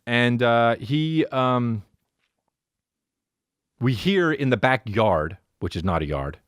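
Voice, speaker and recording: A man in his thirties tears through a comic rant on his podcast, swearing freely and leaping into squeaky mock voices and sung syllables. His voice sits at an ordinary middle pitch and is recorded close and dry, with no room sound around it. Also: takes it slowly, smooth, no room sound. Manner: animated storytelling, profane, jumps into mock voices and high sung syllables. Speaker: podcast host. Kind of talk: comedic rant.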